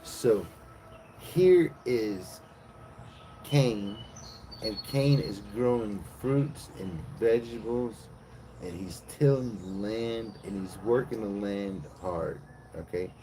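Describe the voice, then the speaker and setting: A man streaming live, retelling a bible story as comedy in a profane, slangy, animated way. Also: lowish voice, slow, noisy background.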